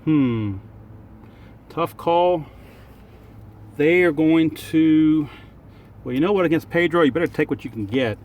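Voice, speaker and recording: A man's voice: on the high side, measured pace, long pauses, narrow, tinny audio. A man calling play-by-play for a tabletop baseball game outdoors and thinking aloud over each roll. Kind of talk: play-by-play commentary of a dice game.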